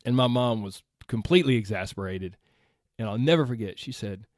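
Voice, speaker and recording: A man's voice: fairly low pitch, animated, fairly quick, no echo, clean studio sound. A man coaching listeners through an earnest, conversational motivational talk, repeating phrases for emphasis. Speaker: health and weight-loss coach.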